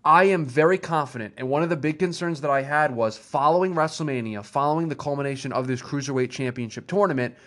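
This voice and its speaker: A man's voice: on the high side, quick pace, hardly any pauses, fairly bright tone. Enthusiastic male podcast host. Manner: enthusiastic, rambling with restarts. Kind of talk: casual wrestling chat.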